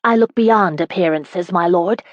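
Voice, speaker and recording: This is a dry recording with the highs cut off, and the woman's voice sounds close to how she talks every day, moving a little slowly. Narrating an audiobook, she voices a spirited, indignant young woman, going sharp, emphatic, higher and louder than in narration.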